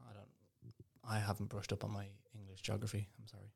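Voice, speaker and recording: A young Irish man chats loosely as a podcast co-host, joking and swearing without a second thought. His voice sits fairly low and has a gravelly edge to it. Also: completely flat delivery, quick pace. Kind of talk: casual chat.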